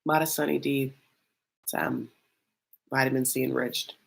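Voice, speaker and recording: A woman's voice: rumbling low, steady tone, moderate pace, vocal fry, slightly rough. A woman hosting a casual reality-show recap, chatty and loose, full of fillers and calling the audience honey.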